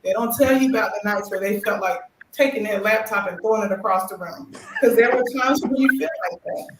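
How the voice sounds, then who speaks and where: A middle-aged woman who has just earned her doctorate is a talk show guest, telling her story expressively, acting out quotes, and laughing. Her medium-pitched voice moves a little fast, and the room has an echo with faint noise.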